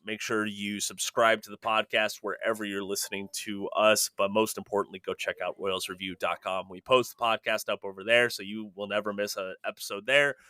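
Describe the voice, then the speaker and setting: A man hosting a casual sports podcast, upbeat and smooth as he chats and reads plugs into a close microphone. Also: on the low side, little pitch movement, fairly quick, hardly any pauses, pushed and bright, no room sound. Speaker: podcast host.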